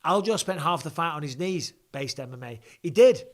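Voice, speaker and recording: Hosting a live reaction and fan Q&A chat, a man talks animatedly at normal speed with hardly any pauses. His voice is a little high and nasal from a blocked nose, and his chatty, off-the-cuff delivery includes restarts and asides.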